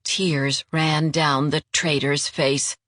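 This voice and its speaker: Speaking in a low voice, a woman narrates a scripted audiobook in a calm, even, measured way. The studio sound is clean, with no room sound at all.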